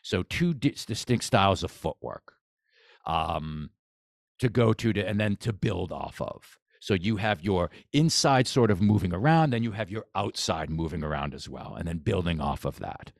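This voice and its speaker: In a low, creaky voice, a boxing coach talks animatedly at normal speed as a guest on a podcast. His casual interview chat is eager and wandering, full of restarts, captured in dry, studio-quality audio.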